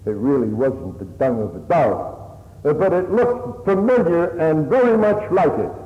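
A man preaching a sermon in an earnest, plain-spoken way, his voice rising for emphasis and dropping low to reflect. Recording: echoey hall on a tinny line.

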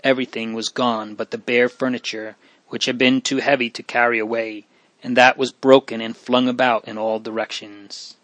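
A man reading a story aloud in a slow, measured, hushed and solemn manner. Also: medium pitch, little pitch movement, no echo. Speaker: narrator. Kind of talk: audiobook reading.

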